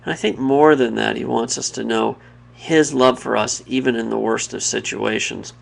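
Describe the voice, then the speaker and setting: A man gives a personal devotional talk in a heavily gravelly, fry-laden voice pitched in the middle range. Earnest and reflective, he keeps fairly even intonation and often pauses and restarts mid-thought.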